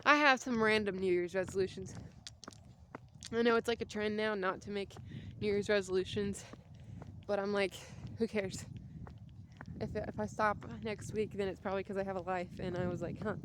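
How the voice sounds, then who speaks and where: A woman's voice: mid-range voice, brisk, fairly bright tone, a little hiss or hum. A young adult woman vlogging outdoors on a cold winter walk, talking in a rambling, chatty way with jokey asides. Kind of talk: casual walking vlog.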